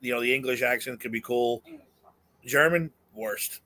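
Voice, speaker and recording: A man's voice: medium pitch, moderate pace, pushed and bright. A man from New York co-hosting a casual talk show, blunt and opinionated, swearing casually. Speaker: co-host. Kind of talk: casual chat.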